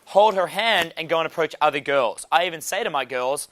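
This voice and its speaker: A man teaching a dating seminar in a brash, profane, animated way. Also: a little high, brisk, dry recording. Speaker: dating coach.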